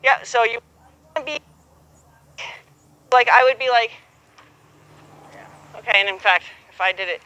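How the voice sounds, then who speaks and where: A woman's voice: a little high, unhurried, pauses often, sharp tone, low-quality recording. A woman coaching a horsemanship student outdoors, patient and encouraging, acting out both horse and rider as she explains. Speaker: horsemanship instructor. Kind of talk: hands-on coaching.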